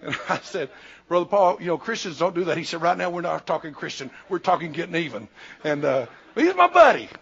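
A man's voice: a little high, big pitch swings, brisk, creaky, a bit bright, breathy edge. A man, preaching a sermon in a folksy storytelling way and acting out dialogue, in a church. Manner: folksy, acts out dialogue in quotes. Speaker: pastor and missionary. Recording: dull lo-fi church recording.

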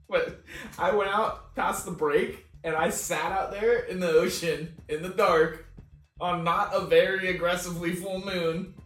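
A man's voice: fairly high pitch, a bit bright. A young adult man, a podcast co-host, telling a casual story, laughing often, swearing and acting out his own lines. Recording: echoey room, far from mic, faint music.

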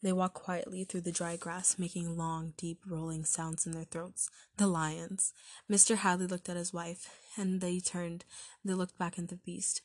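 Woman reading a story out loud, low voice, dry close sound. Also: level tone, unhurried, no echo. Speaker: narrator.

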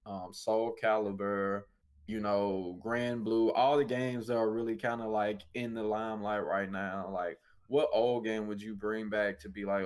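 A man's voice: fairly low pitch, flat delivery, measured pace, a little mellow, smooth. A man hosting a casual gaming podcast, laid-back, telling stories and laughing often. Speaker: podcast host. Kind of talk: casual chat.

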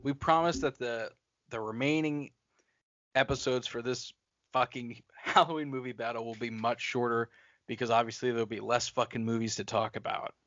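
A man's voice: medium pitch, steady tone, normal speed, fairly bright tone, no room sound. Blunt man swearing through movie talk. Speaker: podcast co-host. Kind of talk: casual movie chat. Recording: dry, dull lo-fi podcast audio.

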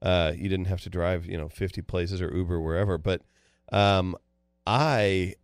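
A man's voice: low voice, steady tone, moderate pace, no echo, studio quality. A man co-hosting casual sports talk, wry and rambling. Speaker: co-host.

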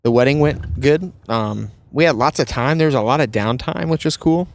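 A man hosts a relaxed podcast, chatting about his work as a wedding photographer. He spins anecdotes freely and slips into voices for the people in his stories, at an ordinary middle pitch. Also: moderate pace, gravelly, no room sound. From Southern United States. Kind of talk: casual chat.

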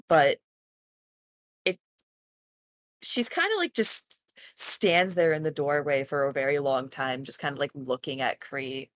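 A woman's voice: deep voice, dry recording. A woman playing in a tabletop game, describing her character's actions hesitantly with many fillers. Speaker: player.

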